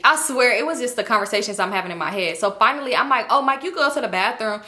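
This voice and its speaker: Young woman, storytime chat, slangy, swearing, acts out quotes, bright tone. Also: fast, hardly any pauses. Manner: animated, acts out quotes with a higher voice; swears freely, slangy and chatty. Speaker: storytime YouTuber. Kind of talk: casual storytelling.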